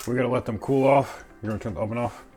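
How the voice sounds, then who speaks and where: A man's voice: medium pitch, steady tone, very fast, darkish tone, faint music behind. A man hosting a casual home cooking vlog, joking and talking to himself while he bakes and eats. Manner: playful, jokey, talks to himself while cooking; eating and chewing while talking. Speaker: cooking channel host.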